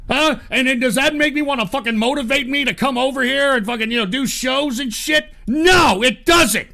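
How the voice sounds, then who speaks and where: A high, gravelly male voice with a tense, sharp edge, ranting on a livestream. He curses at his audience nonstop and trips over his own restarts. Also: fairly quick. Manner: profane, angry ranting; stammering restarts. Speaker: livestream host.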